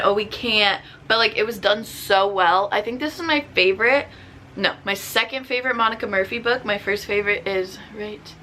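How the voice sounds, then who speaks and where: A woman's voice: medium pitch, sharp tone, a little hiss or hum. A young woman vlogging casual book reviews, chatty and gushing, with lots of filler words.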